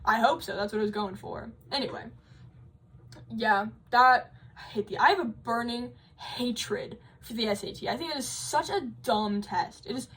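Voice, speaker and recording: A woman's voice: a little high, moderate pace, a bit bright, breathy edge, rough recording. A young woman vlogging about college, telling stories in a rambling, emphatic way with lots of fillers. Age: young adult. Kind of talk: casual vlog chat.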